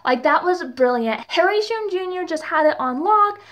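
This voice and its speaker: A woman's voice: extremely high pitch, animated, normal speed, fairly bright tone. A young woman reviewing a TV episode in a casual vlog, chatty and gushing, with lots of fillers and exasperated rhetorical questions. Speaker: TV and book reviewer.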